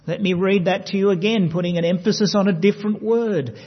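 A man preaching a sermon, measured and emphatic, slowing down to stress key words. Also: high-pitched, steady tone, husky. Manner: measured, emphatic delivery with slow stressed phrases. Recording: long reverb, dull lo-fi sound.

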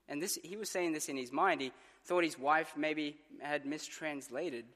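Male preacher, bright and forceful, storytelling sermon, long church reverb. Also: a little high, moderate pace. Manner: earnest storytelling with dramatized quotes. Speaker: pastor.

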